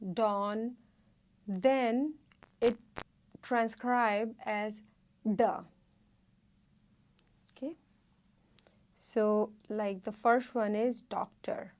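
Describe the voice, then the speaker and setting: A woman teaching a Hindi reading lesson, saying each word slowly and repeating it. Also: a little high, a little mellow. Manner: slow, careful, repeats each word twice. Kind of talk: slow spoken lesson, repeating words.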